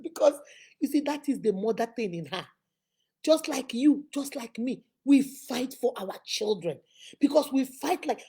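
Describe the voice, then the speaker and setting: A woman's voice: sits high, expressive, moderate pace, warm tone, husky. A woman with a Nigerian accent giving emphatic relationship advice to camera, acting out quoted people as she goes. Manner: emphatic, preachy, mimics people with voices.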